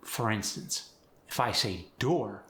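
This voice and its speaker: A man's voice: fairly low pitch, lively intonation, takes it slowly, bright, forceful tone, echoey room. A man coaching accents, explaining and demonstrating sounds by contrasting word pairs. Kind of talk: accent tutorial.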